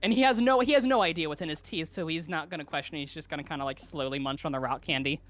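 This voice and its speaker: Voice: medium pitch, very fast, fairly bright tone, no echo. A player in a tabletop game, narrating their character's actions in a descriptive, story-like way. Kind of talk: casual tabletop play.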